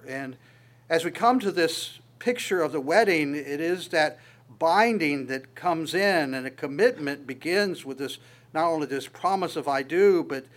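A man preaching a sermon in an earnest way, rising louder when he quotes scripture and dropping soft on asides, often repeating words as he restarts. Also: on the high side. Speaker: pastor.

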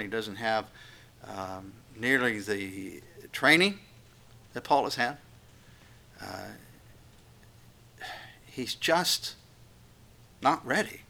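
A man's voice: medium pitch, bright, forceful tone. A man preaching an expository sermon, earnest and emphatic, breaking up his points with fillers and restarts. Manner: earnest, emphatic, acts out quoted voices. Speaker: pastor.

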